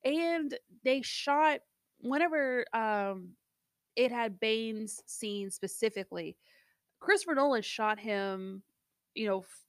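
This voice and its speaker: A woman's voice: a little high, expressive, slow pace, clean tone, dry recording, studio quality. A woman co-hosting a podcast, talking in a chatty, rambling way with lots of fillers. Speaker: podcast co-host. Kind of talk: casual chat.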